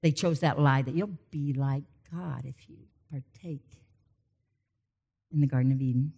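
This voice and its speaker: A woman preaching a sermon, emotional, swinging from loud exhortation to soft, intimate passages. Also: low voice, unhurried, vocal fry, slightly rough.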